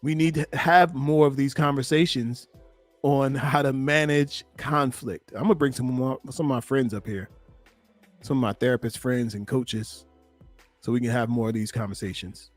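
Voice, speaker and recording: A man working as a relationship coach, giving animated, emphatic commentary on a played clip and speaking straight to his listeners. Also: medium pitch, normal speed, faint music behind.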